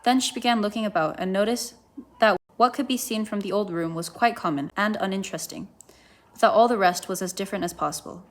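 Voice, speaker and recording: A woman's voice: medium pitch, fast. Woman reading a children's storybook. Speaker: volunteer reader. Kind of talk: reading a children's book aloud.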